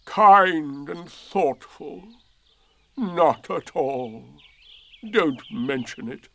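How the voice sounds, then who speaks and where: A man voicing a gloomy, self-pitying old donkey in a storybook reading, with a slow, mournful, sarcastic delivery. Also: fairly high pitch, animated, gravelly, fairly bright tone, heavily acted.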